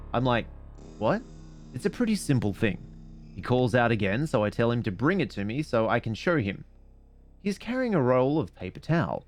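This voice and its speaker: A man streaming casual commentary and reading stories aloud in an animated, digressive, self-mocking way. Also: medium pitch.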